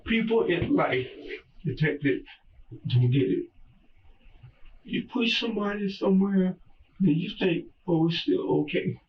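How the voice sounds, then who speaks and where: An older man speaks in a police interrogation, dragging his words out slowly and circling back to the same pleading phrases. His voice sits a bit high for a man and comes from well away from the microphone. The audio is dull and muffled, like a room camera recording. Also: distant mic, a little hiss or hum. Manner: slow, repetitive, pleading, emotional. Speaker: murder suspect in interrogation.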